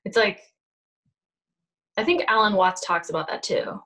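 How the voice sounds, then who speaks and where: A woman's voice: mid-range voice, measured pace, bright, forceful tone. A woman, an actress and producer, talking reflectively as a podcast guest with many fillers. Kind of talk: casual interview chat.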